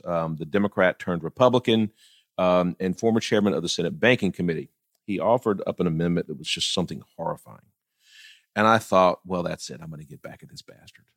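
A man's voice: sits low, fairly bright tone, dry recording, clean studio sound. A middle-aged man talking politics casually, blunt and profane, often laughing as he tells stories. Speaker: political commentator.

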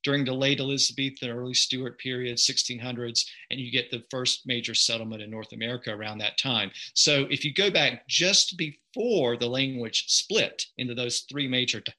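A man's voice: mid-range voice, normal speed, few pauses, pushed and bright, rough recording. A man with a Southern US accent, a podcaster and lawyer, explaining things patiently and precisely as an interview guest.

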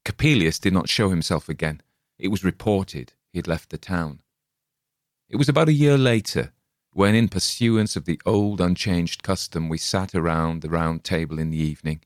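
A man with a very low voice reads the tale aloud in a measured, grave manner. The sound is dry and close, with no room around it. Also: no room sound. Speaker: audiobook reader. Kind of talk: scripted narration.

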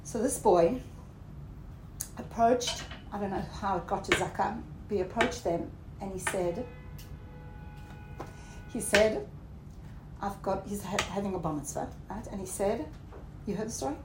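A woman's voice: expressive, moderate pace, long pauses. Woman teaching Torah in an echoey room. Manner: mixes Hebrew terms into English, checks in with "okay?"; rising emphatic pitch when stressing points. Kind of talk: lecture to a class. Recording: roomy echo, faint background noise.

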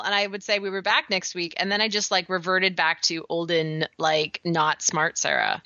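A woman co-hosts a casual podcast chat, explaining health topics in a science-minded way and laughing easily. Her voice sits lowish yet sounds bright and sharp. The recording is dry and slightly dull, like a lo-fi remote mic. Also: little pitch movement, normal speed, few pauses, no room sound. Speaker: podcast co-host.

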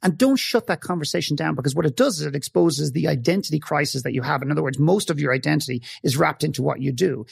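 A man's voice: fairly high pitch, fast talker, gravelly, few pauses, husky, no room sound, studio quality. A man speaking as a podcast guest, telling a story with emphasis, acting out the dialogue and swearing now and then. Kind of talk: passionate storytelling in conversation.

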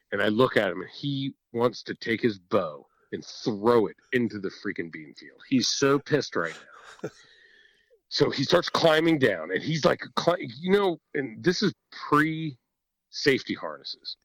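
A man telling a hunting story in a casual podcast chat, animated and swearing freely, often laughing. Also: mid-range voice, a little slow, no echo, low-quality recording. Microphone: podcast microphone.

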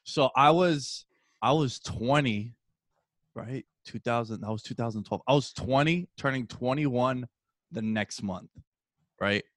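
A man in his early thirties hosting a casual sports chat, telling stories with animated energy, swearing and calling his co-host dude. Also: medium pitch, a little slow, no room sound, clean studio sound.

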